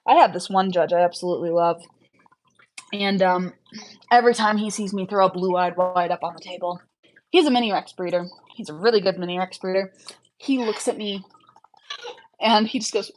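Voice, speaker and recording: A woman's voice: mid-range voice, fairly quick, low-quality recording. Chatty woman answering livestream questions. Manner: chatty, frank, lots of fillers. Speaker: livestream host, rabbit breeder. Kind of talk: casual livestream chat answering viewer questions.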